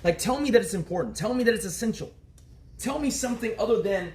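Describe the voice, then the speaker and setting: Casting note: a man with a higher voice telling a rambling, swear-heavy story, heard from off-mic in an echoey room. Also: animated, fast talker, distant mic, noisy background. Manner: rambling, profane, quotes people in dialogue. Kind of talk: casual storytelling chat.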